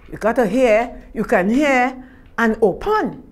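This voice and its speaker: A woman's voice: fairly high pitch, lively intonation, slow pace. A woman minister with a Trinidad and Tobago accent preaching a sermon, fervent and repetitive, with frequent hallelujahs.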